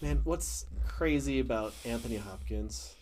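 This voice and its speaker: A man co-hosting a relaxed film discussion podcast. His voice sits at an ordinary pitch, and he talks in chatty bursts with quick asides and frequent laughter. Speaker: podcast co-host.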